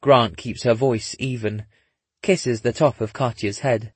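Husky guy narrating a story, dead dry recording, sarcastic little asides. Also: mid-range voice, fairly even intonation, unhurried, no echo. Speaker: audiobook narrator. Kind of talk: scripted narration.

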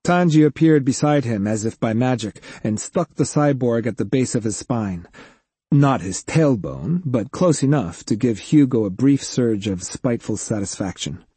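A male audiobook narrator with a husky, mellow tone. He tells the story in a steady, measured way, and the sound is dry and close. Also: medium pitch, no echo. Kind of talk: scripted narration.

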